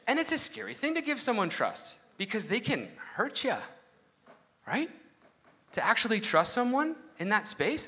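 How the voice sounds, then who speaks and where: A man's voice: on the high side, pushed and bright. A young man preaching a casual, conversational sermon, full of asides and personal stories. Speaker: pastor.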